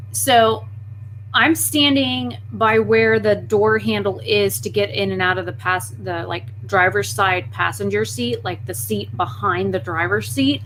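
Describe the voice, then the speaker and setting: A woman vlogger telling a story on a casual live stream, animated and indignant, with frequent profanity. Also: medium pitch, a little hiss or hum, poor audio.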